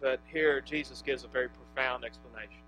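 A male pastor preaching an impassioned sermon, swinging from hushed to emphatic and restarting phrases with many fillers. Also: mid-range voice, fairly even intonation, fairly quick, faint music behind, poor audio.

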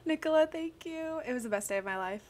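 A woman's voice: high voice, expressive, fast talker, darkish tone. A young woman streaming a crossword session, chatting casually and gushing as she greets viewers by name. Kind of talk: casual livestream chat.

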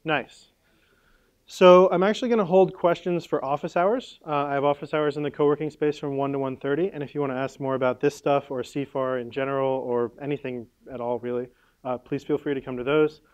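A man's voice: mid-range voice, fairly even intonation, brisk, darkish tone, clear, resonant tone. A man presenting at a conference workshop, casual and playful, with lots of "like" and "right?" and the odd sound effect.

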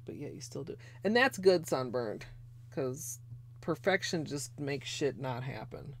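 A woman's voice: a bass voice, expressive, a little slow. A woman hosting a casual nail polish livestream from her bedroom, rambling chattily with lots of fillers as she answers viewers' chat. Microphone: desk mic, moves away from it at times.

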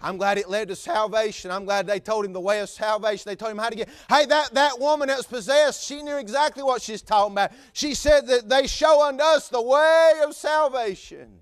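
A man's voice: very high-pitched, fairly quick, hardly any pauses, clear, resonant tone, no echo. A man preaching a fervent sermon with repetitive phrasing and stammered fillers.

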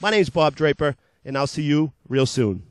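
A man hosts a local TV car sales show at normal speed, his delivery expressive as he pitches cars in upbeat, repetitive patter. He makes fun of his own verbal slips. There's no echo.

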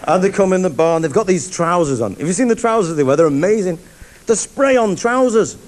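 A man's voice: on the high side, lively intonation, quick pace, background noise. A man doing live stand-up comedy on stage, telling a rambling, mocking story to an audience.

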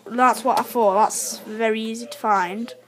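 High-voiced woman narrating her gameplay. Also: a little slow. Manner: chatty, talks to self, excitable outbursts. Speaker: gamer. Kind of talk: live gameplay commentary.

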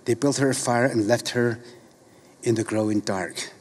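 A middle-aged man reading a story aloud in a slow, measured, solemn way. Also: medium pitch, fairly even intonation, darkish tone, husky.

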